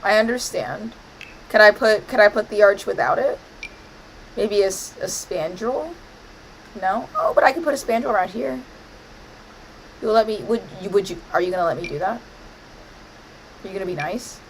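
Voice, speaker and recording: A woman's voice: medium pitch, animated, normal speed, long pauses, slight background noise, poor audio. A woman chatting casually over her gameplay, playfully scolding the game with mock-dramatic outbursts. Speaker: gaming streamer.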